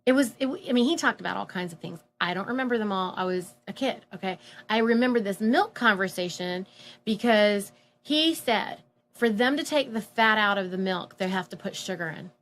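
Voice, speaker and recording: A woman casually telling a personal story, animated and full of fillers, acting out the voices of people she quotes. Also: mid-range voice, moderate pace, a little hiss or hum. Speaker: guest telling her story.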